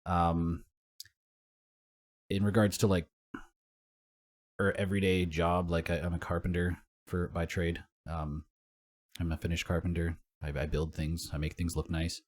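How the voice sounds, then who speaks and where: A man's voice: sits low, flat delivery, a little slow, pauses often. A young man co-hosting a casual podcast, telling rambling stories full of swearing and laughter. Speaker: podcast co-host.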